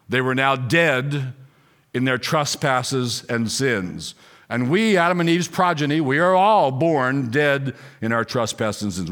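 A man preaching an expository sermon, emphatic and full of rhetorical questions, slowing down to read scripture. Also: mid-range voice, a bit bright.

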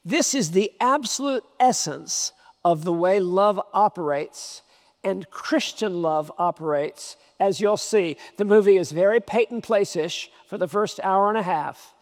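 A man's voice: high-pitched, unhurried. A man preaching a sermon, emphatic, repeating key phrases for stress. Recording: long hall reverb.

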